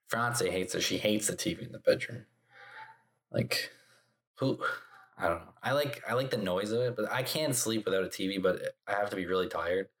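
A young man with a very low, deep voice rambles on in a loose, casual monologue. He talks in fits and starts, leaning on fillers and swearing freely as he drifts from one gripe to the next. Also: a bit bright. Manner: rambling, filler-heavy, profane, sighing. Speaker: vlogger.

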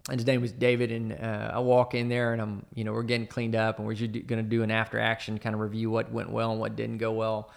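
A man's voice: lowish voice, monotone, quick pace, gravelly, few pauses. A man who once led a military team, telling a personal war story casually and rambling with lots of fillers. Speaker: former team leader in the military.

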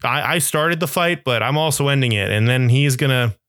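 A man's voice: mid-range voice, fairly quick, a bit bright, dry recording. Young guy rambling through a comedy riff, loose and self-mocking, dead dry mic. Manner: rambling, self-deprecating, riffs into absurd bits. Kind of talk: casual comedic monologue.

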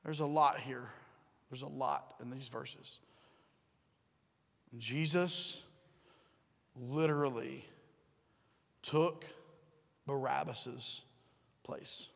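A man preaching a sermon, acting out voices, swinging from loud bursts to hushed drops. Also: medium pitch, drawn-out words, gravelly, long pauses, big-room sound. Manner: animated, acts out crowd and Pilate, rising and dropping to near whisper. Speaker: pastor.

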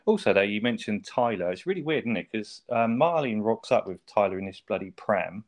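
A man's voice: fairly low pitch, animated, fairly quick. A man, chatting casually as a podcast co-host, swearing and laughing often. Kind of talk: casual chat.

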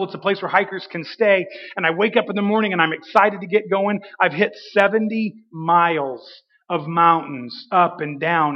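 High-voiced preacher in an echoing hall. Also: male voice. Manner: storytelling with dramatic pauses and emphasis. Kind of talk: sermon testimony. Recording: dull reverberant hall.

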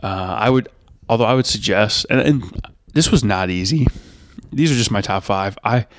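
A man's voice: on the low side, normal speed, no room sound, clean studio sound. A man hosting his own podcast, talking alone about bands he loves in a rambling, enthusiastic way with many fillers. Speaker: podcast host. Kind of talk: solo podcast music review.

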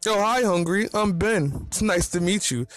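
A man's voice: fairly high pitch, takes it slowly, no room sound, faint music behind, voice pushed up. A man voicing a playful, teasing young male character in a read-aloud fan story. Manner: teasing, cheeky.

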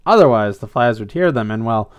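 A man's voice: fairly quick, natural voice. A man voicing a jokey, anxious young female skunk pet in a read-aloud story. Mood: playful teasing. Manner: jokey, excitable, high and squeaky.

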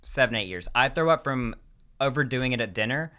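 A man joking in a dry, deadpan way in casual comedy chat. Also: medium pitch, brisk, smooth.

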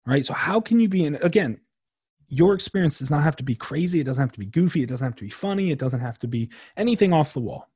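A young man hosting his own podcast, talking casually and emphatically with a slangy, animated delivery. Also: fairly high pitch, quick pace, husky, no room sound. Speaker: podcast host. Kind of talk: casual solo podcast talk.

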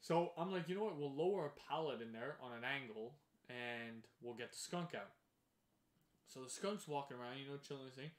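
A man telling a wild story in casual chat, animated, swearing and laughing as he goes. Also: medium pitch, fairly quick. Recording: echoey room.

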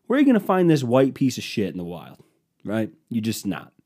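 A man's voice: mid-range voice, huge pitch swings, a little fast, mellow. A man hosting his own podcast, telling stories in a profane, sarcastic rant. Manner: profane, sarcastic, ranting storyteller. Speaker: podcast host.

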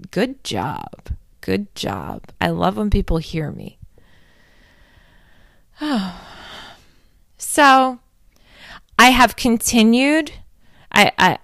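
A woman's voice: lowish voice, clean tone, no echo, studio quality. A young adult woman hosting a casual confessional talk, candid and rambling, swearing freely and poking fun at herself.

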